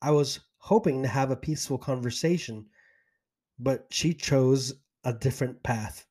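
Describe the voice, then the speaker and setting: A man's voice: medium pitch, moderate pace, a little mellow. A man hosting a podcast, earnestly recounting his own story in the first person. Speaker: podcast host.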